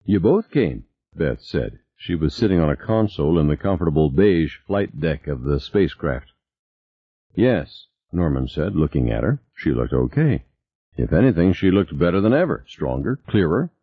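A man narrating an audiobook in an expressive reading, on a slightly dull recording. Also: a bass voice, normal speed, breathy edge, dry recording. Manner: expressive reading with character voices.

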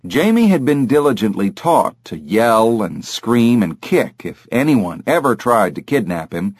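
Reading a scripted audiobook, a man narrates in a measured, expressive manner with a mid-range voice. The sound is clean studio audio without any room echo.

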